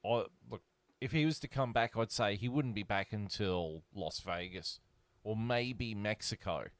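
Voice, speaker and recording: A man's voice: lowish voice, unhurried, no room sound. A man hosting a casual podcast chat, blunt and stumbling over his restarts as he leads into news items.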